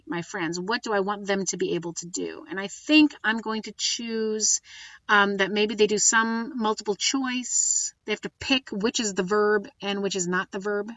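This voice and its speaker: A woman's voice: mid-range voice, a bit bright, no room sound, lo-fi sound. Woman teacher planning a lesson aloud. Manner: thinking aloud, with many ums and restarts. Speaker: Spanish teacher. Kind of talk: recorded classroom lesson walkthrough.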